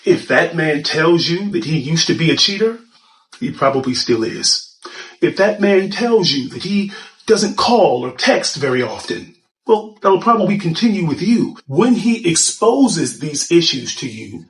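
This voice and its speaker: A man's voice: fairly high pitch, animated, moderate pace, low-quality recording. A man giving an earnest, warning advice monologue.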